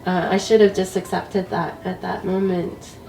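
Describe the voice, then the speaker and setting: A woman's voice: on the low side, flat delivery, moderate pace, vocal fry, warm tone, reverberant, distant mic, faint music behind, poor audio. A woman who is sick with a cold, telling a casual story about her travels as an interview guest, laughing often.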